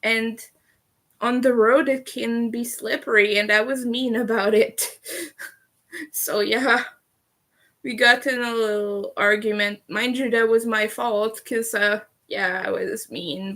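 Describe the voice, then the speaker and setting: A Canadian woman chats through a relaxed livestream, taking her time over every sentence. Her voice sits a little high, and she laughs often and swears casually. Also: slow. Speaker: livestream host. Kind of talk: casual livestream chat while crocheting.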